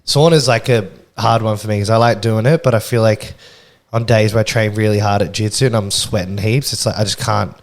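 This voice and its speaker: A man's voice: fairly low pitch, fairly even intonation, fairly quick, hardly any pauses. A young man co-hosting a podcast, laid-back and laughing often, swearing freely in casual chat. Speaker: podcast co-host.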